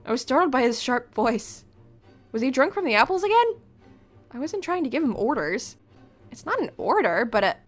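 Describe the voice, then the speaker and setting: Woman reading a game aloud, higher voice. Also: normal speed, soft background music. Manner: animated, exclaims and laughs at the story. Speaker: gamer streaming a let's play. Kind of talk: reading a visual novel aloud with commentary.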